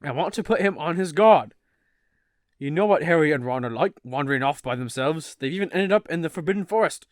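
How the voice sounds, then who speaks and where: Brief: earnest, fretting wizard dad in a shaky Irish-Scottish-tinged British accent, a man reading aloud; fairly high. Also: lively intonation, brisk, no echo, clean studio sound, lightly acted. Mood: worried. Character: Arthur Weasley, worried middle-aged wizard father. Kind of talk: casual podcast table read.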